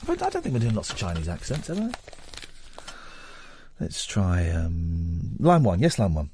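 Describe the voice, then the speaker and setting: A man's voice: low-pitched, wildly swooping pitch, normal speed, warm tone, a little hiss or hum. A middle-aged man hosting a late-night radio phone-in, rambling and self-mocking as he chats with callers.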